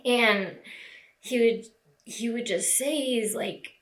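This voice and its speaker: A young woman records a tearful personal vlog and keeps reaching for "like" between phrases. Her voice sits a little high and sounds bright and forceful. It carries the echo of a hard-walled room. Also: slow. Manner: tearful, lots of "like" fillers. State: crying. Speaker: vlogger. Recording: echoey room.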